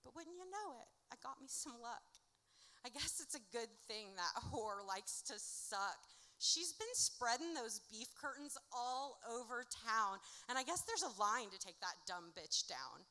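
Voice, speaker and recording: A woman performing her own spoken-word poetry at a live event, with a rhythmic, dramatic delivery that swings from hushed to loud. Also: on the high side, sing-song, measured pace. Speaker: author reading her own work. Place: indoor music venue at a live event. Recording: reverberant live venue recording.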